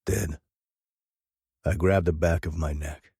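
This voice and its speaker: Man, audiobook narrator, very low voice, husky, tense dramatic reading. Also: fairly even intonation, slow, mellow, no room sound, studio quality. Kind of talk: first-person audiobook narration.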